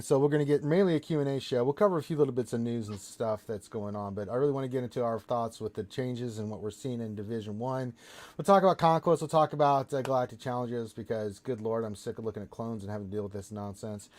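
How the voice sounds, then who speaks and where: A man hosting a live gaming stream, energetic and jokey, welcoming viewers and guests. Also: medium pitch. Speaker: host.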